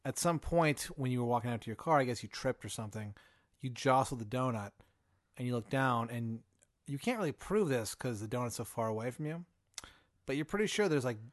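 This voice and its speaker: A man narrating an improvised comedy scenario as game master, in a deadpan second-person style. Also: mid-range voice, fairly quick, no room sound, studio quality.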